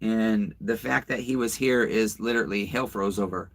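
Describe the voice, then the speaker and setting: A man's voice: on the low side, moderate pace, gravelly. A man hosting a casual livestream, rambling and swearing as he tells a story and talks to his viewers. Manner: rambling, profane, chatty, talks to viewers directly. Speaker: livestream host. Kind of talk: casual livestream chat, reading comments and telling a story.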